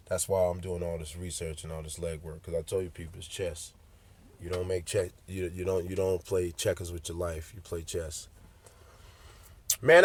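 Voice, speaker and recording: A man's voice: on the low side, darkish tone. A man who drives trucks, ranting bluntly and profanely to his viewers in a casual vlog, repeating his points and speaking straight to them.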